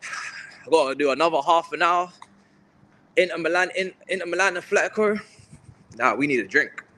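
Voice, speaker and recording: A man's voice: a little high, normal speed, sharp tone. A young man hosting a livestream, ranting in slangy, exasperated, muttering casual talk. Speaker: livestream host.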